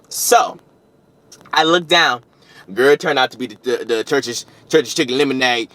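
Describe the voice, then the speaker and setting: A young man telling a story on his vlog, rambling and animated, with frequent restarts and self-corrections. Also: mid-range voice, normal speed, long pauses. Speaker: vlogger.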